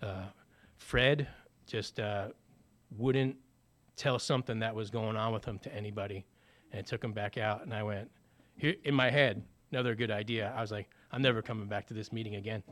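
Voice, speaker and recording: A man with a lowish, slightly bright voice talks at a normal speed as he shares his personal recovery story. His telling is conversational, packed with fillers and acted-out snippets of dialogue.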